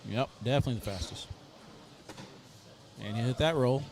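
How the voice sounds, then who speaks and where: A man's voice: mid-range voice, moderate pace, a little mellow. A man giving live play-by-play commentary on a cornhole match, chatty and joking between plays. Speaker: sports commentator.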